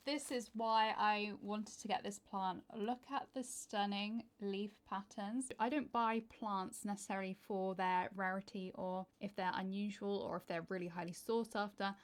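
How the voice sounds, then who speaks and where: A woman's voice: mid-range voice, steady tone, moderate pace, few pauses. Chatty British woman gushing over plants. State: tired. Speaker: houseplant vlogger. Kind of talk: casual vlog chat.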